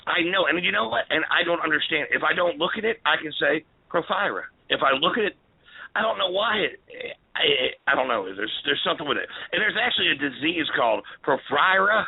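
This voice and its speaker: A man co-hosting a radio talk show, his voice husky and gravelly as he jokes around in loose, animated banter. He swings his pitch up and down and laughs easily at his own stumbles. The sound is dry and tinny, like a thin lo-fi radio stream. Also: fast, no room sound. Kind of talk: joking casual radio banter.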